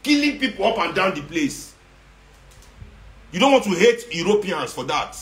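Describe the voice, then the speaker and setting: A man's voice: high-pitched, big pitch swings, moderate pace, a bit bright. Nigerian man ranting in an echoey room. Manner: ranting, sarcastic, mixes Nigerian Pidgin. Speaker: social media commentator. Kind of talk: impassioned monologue.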